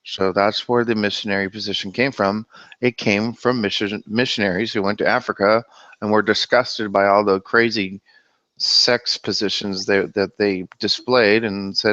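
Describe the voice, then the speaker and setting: A low-voiced man hosts a casual livestream about the Bible, talking in an animated, exclamatory way. His voice comes through dull and lo-fi, with a dry, close sound. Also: dry recording. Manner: animated, exclamatory, quick to laugh. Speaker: livestream host.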